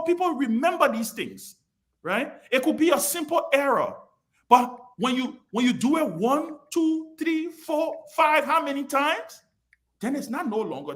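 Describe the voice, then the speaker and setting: A man's voice: extremely high pitch, fairly bright tone. A man chairing a political talk show over a video call, emphatic and scolding, repeating himself for stress.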